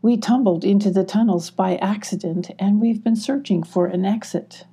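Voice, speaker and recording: A woman's voice: medium pitch, moderate pace, warm tone, husky. A woman voicing a polite, somewhat shy young girl in an audiobook, pleading and explaining.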